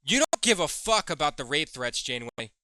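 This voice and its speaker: A man's voice: fairly high pitch, sing-song, a little fast, sharp tone, no echo. A man hosting a heated commentary video, reading chat logs aloud and swearing as he accuses someone. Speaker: commentary host.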